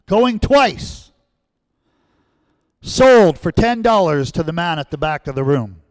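An insistent auctioneer pushes the room for bids in a raised, high voice, calling the same item again and again. A man acts him out in a sermon story. The sound is dry and close. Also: big pitch swings, slow, dry recording. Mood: pressing. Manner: loud, pressing calls for bids. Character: insistent male auctioneer at an estate sale.

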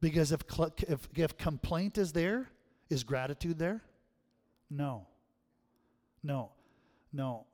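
A middle-aged man preaching a sermon as pastor, swinging from hushed tones to loud, emphatic calls. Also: a little high, slow. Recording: long hall reverb.

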